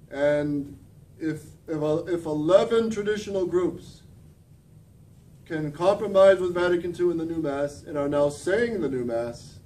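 A man preaching a fervent sermon as a priest, often dropping to a quiet, intense emphasis. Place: church. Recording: distant mic with faint rumble.

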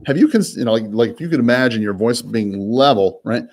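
A man working as a real estate broker, coaching in a quick, chatty way and often repeating words and laughing. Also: on the low side, darkish tone. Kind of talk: coaching talk with live cold calls.

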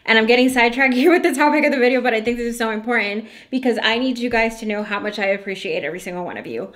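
A woman's voice: on the high side, rapid-fire, fairly bright tone. Heartfelt woman vlogging to viewers. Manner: heartfelt and effusive. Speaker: candle maker and channel host. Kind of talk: casual vlog talk to viewers.

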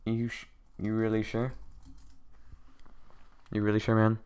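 Young male streamer, excitable and stammering, fairly low voice, smooth and clean, keyboard clicking near the mic. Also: measured pace. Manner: excitable, stammering, repeatedly thanking viewers. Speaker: gaming streamer. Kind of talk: excited gameplay commentary.

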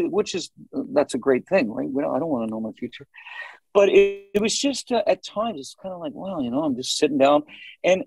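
A man in his sixties chatting in an interview, telling animated stories and acting out what people said. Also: a little high, vocal fry, slightly rough, no room sound, poor audio. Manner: animated storytelling, acts out quoted dialogue. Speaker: singer, interview guest. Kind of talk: casual interview talk.

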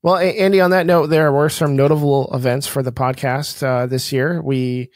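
A man hosting a podcast in casual chat, recapping the year at a steady, friendly pace. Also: a little high, normal speed, no room sound, clean studio sound. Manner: steady, recap-style storytelling. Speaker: podcast host.

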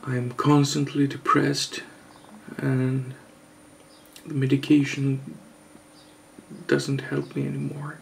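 Slow gravelly man confessing. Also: medium pitch, completely flat delivery, a little hiss or hum. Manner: halting, hesitant, with long pauses; earnest and overwrought. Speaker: vlogger. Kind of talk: mock-serious confessional monologue.

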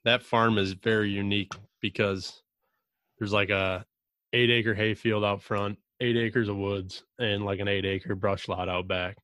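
A man with a low voice talks through a hunting story in an easygoing, unhurried way. His pitch barely moves, and his delivery stays steady and plain. The recording sounds dry and close. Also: clean tone, dry recording. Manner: relaxed, drawn-out storytelling with mild cursing. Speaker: podcast host. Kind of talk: casual hunting chat.

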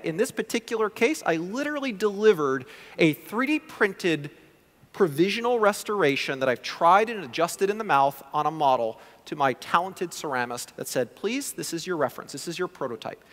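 A male prosthodontist gives a conference talk, his fairly high voice swinging widely as he acts out his patients' words. The delivery is lively and conversational. A long hall reverb trails each phrase. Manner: animated, acts out patient quotes. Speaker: guest lecturer, prosthodontist.

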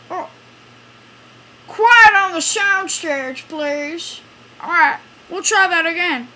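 Give me a slow-talking woman with a very high voice, hosting a playful homemade skit. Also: bright, forceful tone, slight background noise. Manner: rambling, with many fillers and self-corrections. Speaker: host of a homemade talent show.

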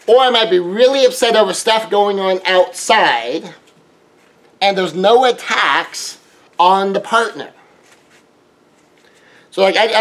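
A man's voice: sits high, a bit bright. A middle-aged man, talking through relationship advice in a conversational monologue and now and then acting out quoted exchanges. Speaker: relationship teacher. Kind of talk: casual monologue.

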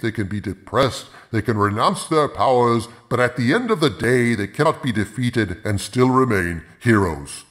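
A man hosting a movie review in a pompous villain persona, speaking grandly of himself in the third person. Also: fairly low pitch. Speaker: host of a movie review show. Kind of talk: theatrical villain-persona commentary.

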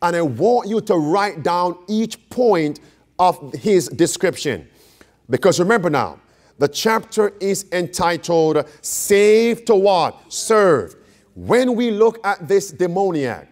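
A preacher with a high, slightly mellow voice teaches an interactive Bible class. He quizzes his audience and repeats key phrases for emphasis.

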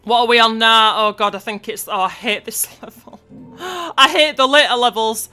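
A woman giving sweary, shouty, frustrated let's-play commentary over her gameplay. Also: on the high side, moderate pace, soft background music.

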